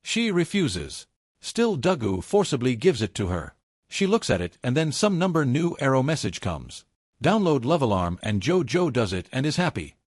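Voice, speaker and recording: A man's voice: medium pitch, very animated, normal speed, no room sound, studio quality. A man narrating a drama recap in a scripted style, reading the quoted dialogue in the same plain narrating voice.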